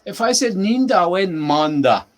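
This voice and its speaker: A man in his sixties, a language teacher on a podcast, patiently saying each word and repeating it slowly. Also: high-pitched, lively intonation. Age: 60s. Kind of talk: teaching words in a podcast chat.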